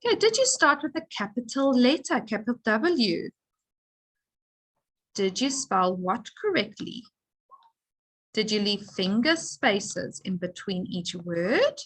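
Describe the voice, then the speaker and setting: A woman teaches young children to read, breaking words into their sounds and stressing each one. She speaks slowly and deliberately in a fairly high voice. Her delivery is clear and patient, like a classroom lesson for beginners. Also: sing-song, fairly bright tone, rough recording. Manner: sounds out letters and words with slow emphasis.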